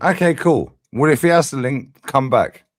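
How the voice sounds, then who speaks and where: A man's voice: a little high, moderate pace, no echo. A man hosting a heated live fan stream, bantering, swearing and laughing often. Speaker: livestream host. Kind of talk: heated livestream fan debate.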